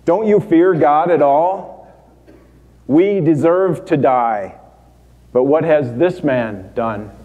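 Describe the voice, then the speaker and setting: A man's voice: a little high, mellow. A man playing a dying repentant thief. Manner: halting, broken phrases. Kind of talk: dramatic monologue. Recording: long hall reverb.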